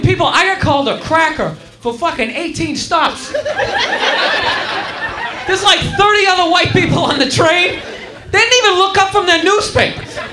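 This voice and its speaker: Brief: high-pitched male stand-up, profane storyteller, roomy club, crowd laughs. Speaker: stand-up comedian. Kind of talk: stand-up routine. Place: comedy club stage. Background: audience laughing.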